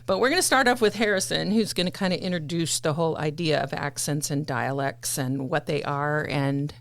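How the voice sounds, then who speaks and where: A woman's voice: low voice, a little fast, creaky. An American woman hosting a casual podcast, talking in a chatty, rambling way with many fillers. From United States. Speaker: podcast host.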